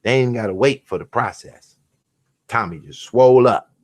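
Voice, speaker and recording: This man hosts his own show and delivers a profane rant full of crude mockery, lurching from shouting to muttering. His voice is medium in pitch and his speed is normal.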